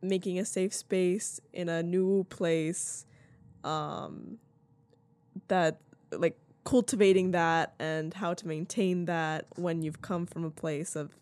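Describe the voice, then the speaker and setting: A woman's voice: on the low side, steady tone, slow pace, a little mellow, dry recording. A young woman co-hosting a podcast in casual chat, rambling with lots of fillers. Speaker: podcast co-host.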